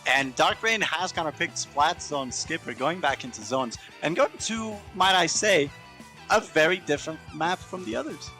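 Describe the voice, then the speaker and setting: Playful male co-caster from Portugal, British-sounding accent, slightly high bright voice over faint music. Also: expressive, normal speed. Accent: British-sounding English. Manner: playful, bantering. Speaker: esports co-commentator. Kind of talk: live esports commentary.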